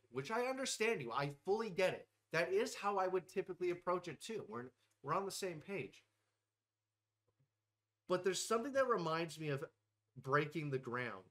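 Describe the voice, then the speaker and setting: Young man, profane comedic rant, brash bravado, somewhat high voice. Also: a bit bright. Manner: brash, swears constantly, mock-tough bravado. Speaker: host ranking game characters.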